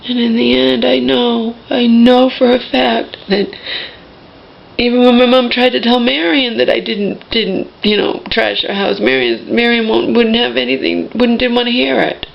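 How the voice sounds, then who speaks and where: A woman's voice: a little high, fairly even intonation, moderate pace, vocal fry, lo-fi sound. A woman venting in an emotional personal monologue, agitated and restarting her sentences often. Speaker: vlogger.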